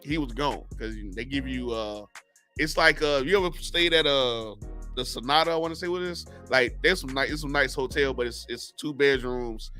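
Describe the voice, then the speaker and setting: A man's voice: medium pitch, normal speed, bright, forceful tone, faint music behind. A man co-hosting a casual podcast, telling a wild drinking story with lots of slang, laughing as he goes. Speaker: podcast co-host.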